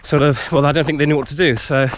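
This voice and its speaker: A man's voice: fairly high pitch, quick pace, a little hiss or hum. A man vlogging outdoors in a wood, telling a story casually with lots of fillers, a little tired from running. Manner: rambling, animated retelling with frequent fillers.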